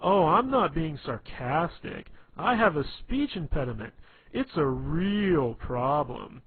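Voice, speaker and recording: A man doing a loud, slow, drawn-out sarcastic guy. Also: a little high, very animated, slightly rough, pitched above the performer's own voice, heavily acted. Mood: mock sarcastic. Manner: drawn-out, exaggerated mock-sarcastic delivery. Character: adult man who sounds sarcastic, earnestly indignant. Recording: tinny phone-like with faint hiss.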